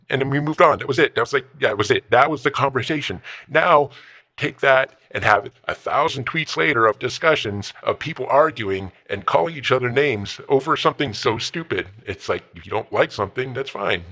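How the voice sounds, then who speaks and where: Comedy bit: a man as a cranky ancient old-timer, rambling gripes in a bright, sharp voice. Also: mid-range voice. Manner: rambling, grumbling, nostalgic complaints. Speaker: comedy character host. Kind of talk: comedic rant monologue.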